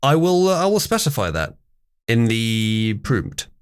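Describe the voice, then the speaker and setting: Guy hosting a stream, teasing everyone, pitch bouncing all over. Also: sing-song, a little slow, slight background noise. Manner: teasing, joking. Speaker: stream host. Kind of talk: casual chat.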